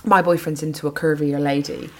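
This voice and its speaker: A young adult woman, telling stories in an animated, sweary podcast chat. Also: low-pitched, brisk, slight background noise. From Bristol, England. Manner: animated, swearing, quotes others in voices. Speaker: comedian guest. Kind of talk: casual podcast chat, storytelling.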